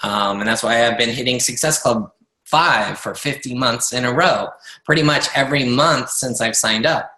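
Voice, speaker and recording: A man's voice: mid-range voice, moderate pace, bright, forceful tone, roomy sound, poor audio. A man leading a motivational team call as a business coach, talking earnestly with lots of fillers and restarts.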